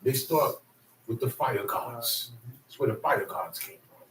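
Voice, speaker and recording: A man's voice: mid-range voice, a little slow, a bit bright. A man preaching and teaching his listeners, firing rhetorical questions at them in a colloquial, emphatic manner. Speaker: street preacher. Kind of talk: call-and-response teaching. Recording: echoey, distant mic with faint ambient noise.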